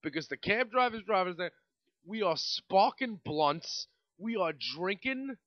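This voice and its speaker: A man in his late twenties with a New York accent, hosting a podcast and telling a rambling, profane story in a casual, animated way. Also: high-pitched, a little slow, no room sound, dull audio. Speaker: podcast host.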